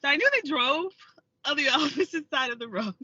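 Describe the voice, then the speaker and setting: A woman's voice: sits high, expressive, a little fast, pushed and bright, no echo, highs cut off. An American woman, an actor and filmmaker, telling stories as an interview guest and laughing often. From United States. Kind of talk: casual interview storytelling.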